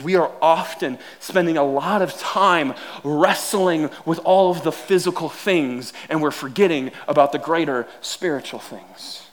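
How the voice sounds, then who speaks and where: A man preaching a sermon, animated and self-deprecating, telling funny everyday stories and often repeating words. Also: on the high side, moderate pace, hardly any pauses. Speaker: pastor. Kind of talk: sermon with humorous storytelling.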